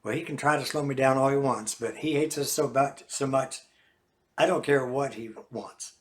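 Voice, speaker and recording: An older man reading his own memoir aloud, folksy and animated. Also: medium pitch, brisk. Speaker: author.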